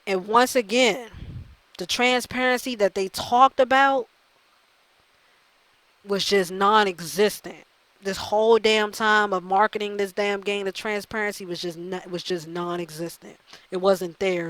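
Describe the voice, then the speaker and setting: A woman's voice: medium pitch, fairly even intonation, a little slow, fairly bright tone, no echo, rough recording. Exasperated, profane woman ranting. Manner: exasperated, profane, repeats herself. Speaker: gaming channel host. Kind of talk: ranting video commentary.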